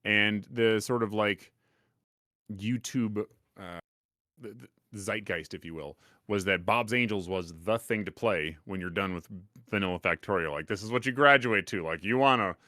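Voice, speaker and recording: A man's voice: on the low side, normal speed, pushed and bright, dry recording, clean studio sound. A man co-hosting a podcast, chatting casually, rambling and self-deprecating with lots of fillers and restarts. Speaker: podcast co-host. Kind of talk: casual chat.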